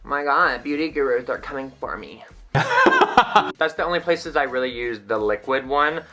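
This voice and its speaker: A young man talks through his makeup routine in a casual, self-mocking way. His voice sounds bright and forward. Soft music plays quietly behind him. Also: medium pitch, wildly swooping pitch, unhurried. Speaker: vlogger. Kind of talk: makeup tutorial chat.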